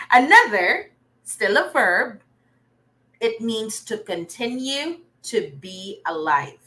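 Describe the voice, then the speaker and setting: A woman's voice: a little high, big pitch swings, drawn-out words, pauses often, sharp tone, low-quality recording. A Filipino woman teaching an online reading lesson, encouraging and often checking in with her learners. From Philippines.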